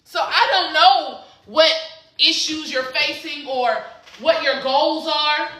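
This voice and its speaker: A woman from the Southern United States with a Southern accent, an exam prep coach chatting on a phone live stream in an excitable, encouraging way. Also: high voice, slow. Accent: Southern American. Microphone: phone camera.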